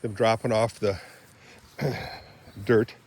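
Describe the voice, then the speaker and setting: An older man from Michigan rambling in a casual vlog while walking around his property outdoors, often clearing his throat and drifting into asides. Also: lowish voice, steady tone, slow, darkish tone. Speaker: vlogger.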